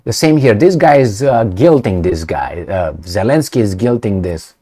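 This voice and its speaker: A man's voice: lowish voice, animated, moderate pace, mellow. A man giving blunt, sarcastic political commentary in a casual way, with many fillers.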